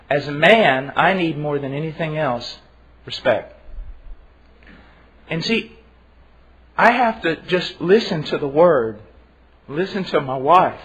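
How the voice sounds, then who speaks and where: A man preaches with earnest emphasis, sometimes stumbling over his restarts. His voice is husky and fairly high. The recording sounds dull and lo-fi. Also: a bit bright. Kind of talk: sermon.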